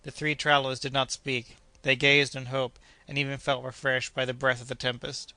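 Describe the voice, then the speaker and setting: A man narrating an adventure audiobook in a measured, steady reading. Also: medium pitch, clear, resonant tone, dry recording.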